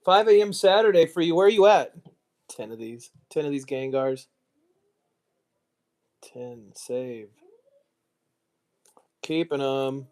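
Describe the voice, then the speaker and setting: A man's voice: a little high, slow, long pauses, a little mellow. An American man chatting casually on a live stream, muttering asides and mocking himself as he goes. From United States. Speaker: streamer, card collector.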